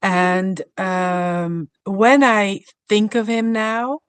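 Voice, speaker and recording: Slow, soft-spoken woman telling a story. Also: medium pitch, level tone, clear, resonant tone, no echo. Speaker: podcast guest. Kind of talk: reflective personal storytelling.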